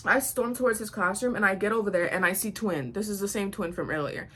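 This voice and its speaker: A young woman tells a storytime while getting ready, blunt and animated. She acts out each person in the story as she goes, close on a phone mic. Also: mid-range voice, fast. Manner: blunt, animated retelling with quoted voices. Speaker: vlogger.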